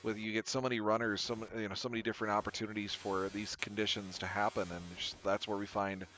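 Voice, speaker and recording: A man co-commentating a game race, telling a rambling, animated story. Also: lowish voice, fast, slight background noise, rough recording. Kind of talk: casual commentary.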